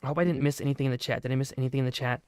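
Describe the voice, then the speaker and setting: A man hosting a live stream, commenting on play and reading out the chat with quick asides. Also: mid-range voice, clear, resonant tone, no room sound, clean studio sound. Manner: excitable, reads chat aloud, quick asides. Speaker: livestream host and commentator.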